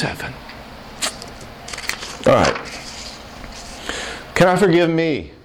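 Over a faint hiss, a man with a darkish, mid-range voice talks at normal speed in an animated way. He's a Christian speaker on marriage and forgiveness, giving an earnest, conversational sermon-style talk that wanders into casual asides, sometimes emotional and full of feeling, with frequent check-ins with his listeners.

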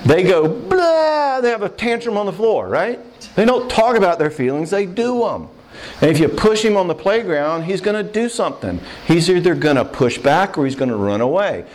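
An older man giving a lively sermon on marriage to a live crowd, conversational and playful, often checking in with the listeners. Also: sits high, fairly quick, poor audio. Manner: acts out quoted voices and jokes. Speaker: pastor teaching on marriage.

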